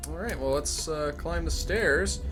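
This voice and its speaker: A man's voice: a little high, unhurried, over music. A man casually commenting while playing a retro game, wry and self-deprecating. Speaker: let's play host.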